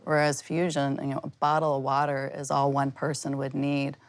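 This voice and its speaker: A woman guest in an interview, explaining clearly and confidently. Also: rumbling low, monotone, normal speed. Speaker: industry expert guest. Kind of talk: interview answers.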